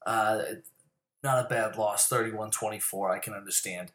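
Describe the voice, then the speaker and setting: A man's voice: on the low side, steady tone, normal speed, fairly bright tone, roomy sound. A man giving a heated, profane, rambling monologue about sports. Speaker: sports commentary host. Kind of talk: profane casual sports rant.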